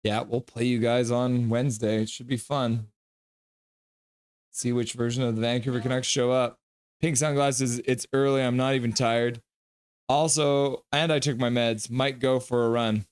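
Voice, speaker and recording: A man's voice: medium pitch, flat delivery, normal speed, clean tone. A man hosting a live stream, chatting casually, reading out viewer comments and teasing and thanking people by name. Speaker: livestream host.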